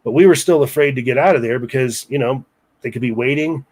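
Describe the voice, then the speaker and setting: A man's voice: mid-range voice, a little fast, a little mellow. A man recounting a personal story in a casual interview, rambling with asides to the listener. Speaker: guest storyteller.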